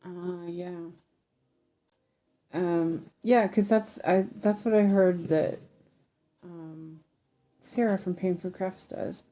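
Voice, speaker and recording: A woman with a low, mellow voice talks slowly and unhurriedly as she stitches, hosting a livestream craft session. Her speech wanders and hesitates, full of fillers and trailing half-thoughts. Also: steady tone, slight background noise. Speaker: cross-stitch livestream host. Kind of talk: casual chat while stitching, reading out viewer comments.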